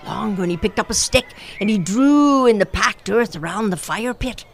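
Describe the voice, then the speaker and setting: A woman telling a folktale aloud, expressive and rhythmic, with repeated phrases. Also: medium pitch, normal speed. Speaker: storyteller. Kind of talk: oral folktale storytelling.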